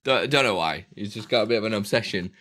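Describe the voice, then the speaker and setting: A man's voice: fairly low pitch, lively intonation, fast talker, bright, forceful tone. A British man chatting casually on a live stream from his small home room at a close desk mic. He is playful and laughs often, and slips into sing-song baby talk. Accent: British English. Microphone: desk microphone close up.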